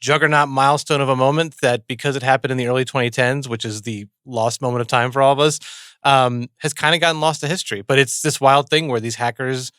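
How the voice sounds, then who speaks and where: A man's voice: medium pitch, fairly even intonation, fast talker, fairly bright tone, clean tone, no echo, clean studio sound. A man talking casually as a podcast guest, telling a story with lots of fillers. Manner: chatty, storytelling, many fillers. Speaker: podcast guest and host of a series. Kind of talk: casual chat.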